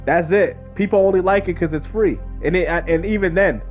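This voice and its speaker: A man's voice: high-pitched, moderate pace, dull audio, soft background music. A man streaming a game, chatting casually with his chat and using slang. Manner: animated, talks to chat in slang. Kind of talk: casual live-stream commentary.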